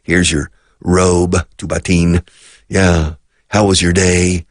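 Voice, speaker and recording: A man's voice: low voice, level tone, slow, dry recording, studio quality. A man voicing an affectionate wife who coaxes her husband to relax with her. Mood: coaxing. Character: affectionate wife, coaxing and cozy.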